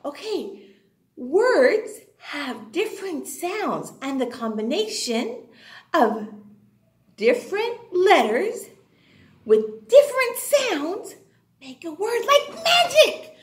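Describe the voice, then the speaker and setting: A woman's voice: very high voice, sing-song, slow, reverberant. A woman teaching a phonics class to young children, talking in an exaggerated, enthusiastic sing-song and leading chants. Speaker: kindergarten teacher.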